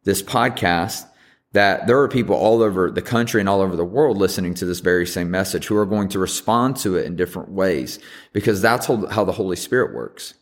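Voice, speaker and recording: A man in his thirties hosting a podcast, talking earnestly and haltingly with many ums and restarts. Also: deep voice. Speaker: podcast host. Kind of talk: personal reflective monologue.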